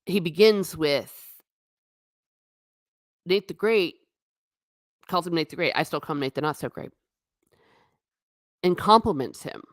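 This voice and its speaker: Low-voiced woman reviewing a show. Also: measured pace, pauses often, no room sound, clean studio sound. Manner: animated, acts out quotes from scenes. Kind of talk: casual live-stream review chat.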